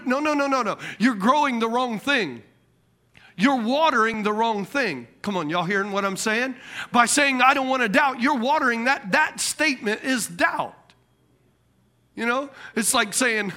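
A man delivers a lively sermon in a high, bright voice. He acts out the people he quotes and laughs at his own asides. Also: moderate pace. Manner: animated preaching, quotes imagined people, laughs at himself. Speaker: pastor.

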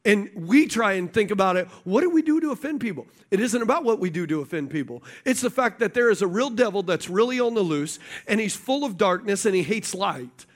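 A man with a high voice preaches to his congregation, mixing Bible verses with a story from his own working life. He keeps checking in with the room through quick questions and builds toward his points. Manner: storytelling preacher, animated, asks the audience questions. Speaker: pastor. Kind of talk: sermon.

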